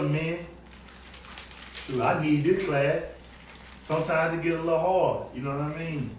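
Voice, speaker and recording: Fiery man street preaching, echoey and distant. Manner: fiery, emphatic, preachy, swings between loud and low. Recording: echoey, distant outdoor recording with faint background noise.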